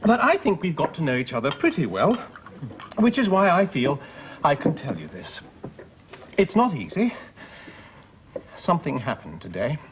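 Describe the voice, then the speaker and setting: An actor playing a pompous, self-important middle-aged office manager in a 1990s studio sitcom. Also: male voice, a little high, wildly swooping pitch, moderate pace, long pauses, a little hiss or hum. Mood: solemn. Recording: dull broadcast sound, studio audience laughter.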